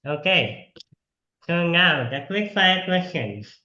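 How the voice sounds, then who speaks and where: A man hosts a casual interview over a video call, talking in a chatty, upbeat way and laughing easily. His voice sits a little high and sounds bright, while the call audio comes through echoey and dull. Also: expressive, takes it slowly.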